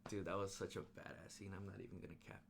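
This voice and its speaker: A young man recapping a film in a casual, excited ramble, full of slang and fillers. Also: low-pitched, quick pace, vocal fry, a little hiss or hum. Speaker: movie reviewer.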